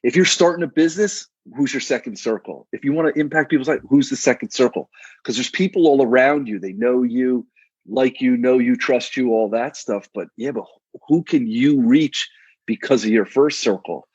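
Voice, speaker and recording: A man's voice: mid-range voice, moderate pace, darkish tone, breathy edge, dry recording, lo-fi sound. A man in his thirties, a coach and guest on a casual podcast, talking in a laid-back, slangy way with frequent restarts.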